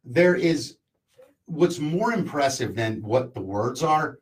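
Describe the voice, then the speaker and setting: A man's voice: medium pitch, animated, takes it slowly. A man from Baltimore, a comedian guest in a casual podcast chat, blunt, profane and sardonic. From Baltimore, Maryland.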